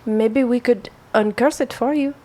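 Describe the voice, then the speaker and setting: A woman's voice: a little high, unhurried, mellow. A woman playing in a tabletop game, polite and helpful. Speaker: player. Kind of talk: tabletop role-play.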